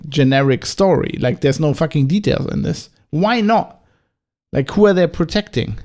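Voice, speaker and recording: A man's voice: on the high side, a little mellow. Irritated German-accented man podcasting. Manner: agitated, profane, rhetorical questions. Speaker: podcast host. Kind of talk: casual solo commentary.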